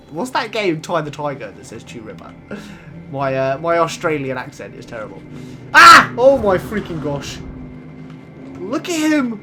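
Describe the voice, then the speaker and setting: A young man giving excitable let's play commentary, gushing and laughing often as he plays. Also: a little high. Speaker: gaming channel host.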